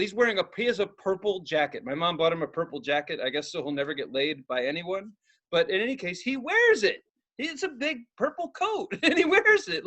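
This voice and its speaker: A man co-hosting a podcast, telling a story full of swearing and acting out each person in it. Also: high-pitched. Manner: animated, swears constantly, acts out the people in his story. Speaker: podcast co-host. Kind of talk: profane comedic storytelling.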